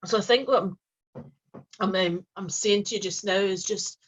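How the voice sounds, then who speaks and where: A woman hosting her own channel, telling a personal story in a gentle, rambling way with many restarts. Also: mid-range voice, moderate pace, breathy edge. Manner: gentle, rambling, with frequent restarts and soft fillers. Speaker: host. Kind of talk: casual personal storytelling to camera. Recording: dull lo-fi recording.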